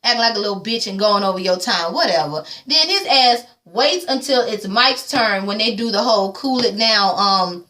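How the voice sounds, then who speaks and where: A woman's voice: medium pitch, normal speed, hardly any pauses, bright, forceful tone. A woman vlogger giving a casual, profane movie recap and acting out the characters' lines.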